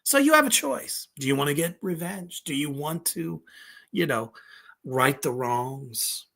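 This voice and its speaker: A man's voice: a little high, expressive, a little slow, gravelly, fairly bright tone, full character voice. A man voicing a sly male devil offering a deal in a casual, persuasive way. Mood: tempting.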